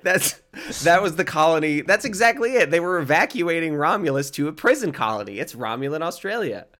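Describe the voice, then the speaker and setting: Animated man in casual podcast chat. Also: fairly high pitch, fairly quick. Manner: animated, laughs often.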